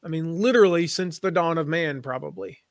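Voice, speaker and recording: A man talks as a podcast guest, telling stories and laying out his points in a loose, chatty way. His voice sits a little high. The sound is dry and close, with no room echo. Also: fairly quick, creaky. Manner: chatty storyteller, slips into playful put-on voices. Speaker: guest, affiliate marketing expert. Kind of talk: conversational podcast interview.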